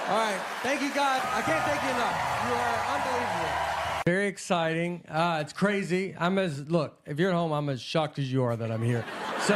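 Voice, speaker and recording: Hosting his TV sketch show, this Tennessee-born man in his 40s delivers a stand-up monologue before a live studio audience, his high voice dry and deadpan. He tells understated stories full of bemused quoted dialogue, while the crowd's laughter makes the recording noisy.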